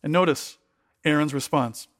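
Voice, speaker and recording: Speaking at a moderate pace in a fairly high, fairly bright voice, a man gives an expository sermon that mixes Bible reading with commentary. He keeps it conversational, repeating words and questioning his listeners often.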